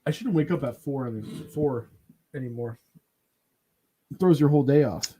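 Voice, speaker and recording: A man hosting a podcast in casual chat, telling lively stories, acting out what others said, laughing and swearing as he goes. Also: medium pitch, moderate pace, husky. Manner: animated storyteller who acts out quotes, laughs and swears often. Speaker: podcast host.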